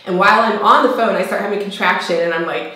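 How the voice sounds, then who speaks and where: Young woman, casual vlog storytelling, chatty and animated, very echoey room. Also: fast talker. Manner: chatty and animated, acting out quoted lines in a high voice. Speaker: vlogger.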